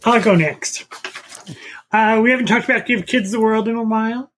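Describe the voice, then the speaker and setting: A podcast co-host with a breathy, husky edge gives a brisk update. The voice sits mid-pitch and moves through the numbers quickly. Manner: brisk, reads out facts and figures. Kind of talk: casual chat.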